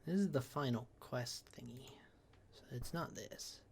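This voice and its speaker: A man's voice: medium pitch, a little slow, gravelly, darkish tone, a little hiss or hum. Chatty man with whispered asides. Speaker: let's play host. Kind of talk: casual chat while playing a game.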